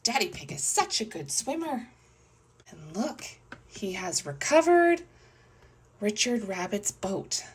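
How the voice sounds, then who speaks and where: A woman reading a children's picture book aloud and narrating toy play, in a soft, hushed voice with playful voices for the characters. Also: mid-range voice, very animated, measured pace, distant mic. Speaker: storyteller playing with toys.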